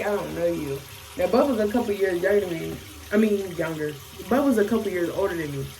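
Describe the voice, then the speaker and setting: A woman's voice: mid-range voice, distant mic, slight background noise, low-quality recording. Young Maryland woman telling a story. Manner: animated, slangy storytelling with quoted texts. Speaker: vlogger. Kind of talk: casual storytime.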